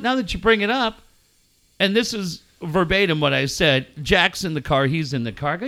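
A middle-aged man telling animated family stories in casual chat, swearing and acting out quotes loudly. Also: high-pitched, a little fast. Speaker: podcast co-host.

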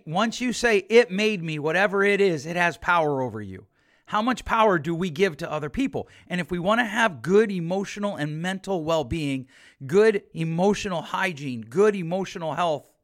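Emphatic man, fairly high voice. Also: a bit bright. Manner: emphatic, repeats points for stress. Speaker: therapist and podcast host. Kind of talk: conversational podcast monologue.

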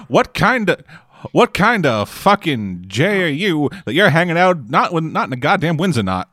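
A man's voice: on the high side, very animated, normal speed, fairly bright tone, no echo. A man riffing on a movie with friends, crude and sarcastic, swearing often. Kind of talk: casual riffing banter.

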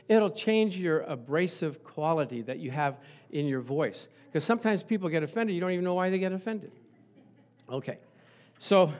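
A man preaching a sermon, telling lively stories and acting out the voices of the people in them. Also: on the high side. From Italian family background. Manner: animated storytelling, acts out voices. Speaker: pastor.

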